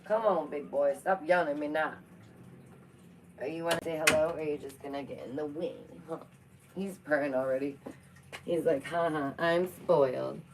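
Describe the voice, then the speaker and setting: A woman's voice: deep voice, moderate pace, pauses often, heavy background noise. A young woman vlogging, reading science news aloud and joking with her cat in a playful, chatty way. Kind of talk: casual chat reacting to news.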